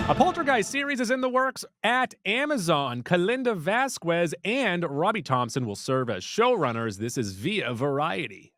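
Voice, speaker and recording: A man co-hosting a movie news podcast, chatting casually in a playful, animated way. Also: moderate pace, hardly any pauses, no echo, studio quality. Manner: animated, playful, jumps pitch for emphasis. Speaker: podcast co-host. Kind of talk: casual chat.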